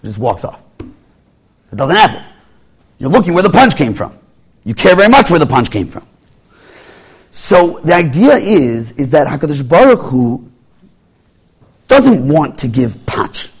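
A man preaching a sermon with a husky, slightly breathy voice, his pitch rising and falling in lively swings. He sits a little higher than most men and acts out small scenes in other voices to make his points. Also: measured pace, long pauses. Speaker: rabbi.

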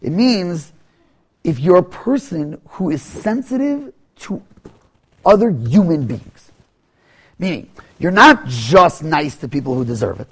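A man telling a teaching story, often halting, repeating words and restarting. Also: a little high. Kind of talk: storytelling lesson.

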